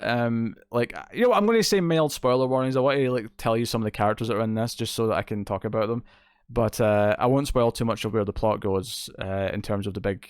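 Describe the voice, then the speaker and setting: A man's voice: mid-range voice, clear, resonant tone, no echo. Casting: male film reviewer, conversational and rambling, resonant voice, dry close sound. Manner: rambling, with many fillers and restarts. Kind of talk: casual spoken movie review.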